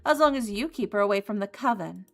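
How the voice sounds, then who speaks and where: A woman's voice: medium pitch, expressive, fast, soft background music, lightly acted. A woman voicing a cold, disdainful authority figure in a visual novel game, speaking in a cutting, scornful way.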